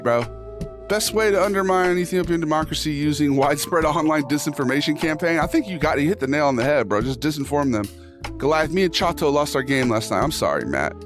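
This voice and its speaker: A man hosting a casual livestream, reading posts aloud and reacting with jokey, profane banter to his chat. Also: on the high side. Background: instrumental music playing under the talk.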